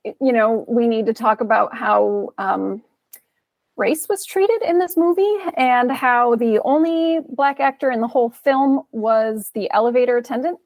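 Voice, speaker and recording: A woman's voice: fairly high pitch, unhurried, darkish tone, no room sound. A woman guest on a podcast, speaking casually in a thoughtful, earnest way. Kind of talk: casual chat.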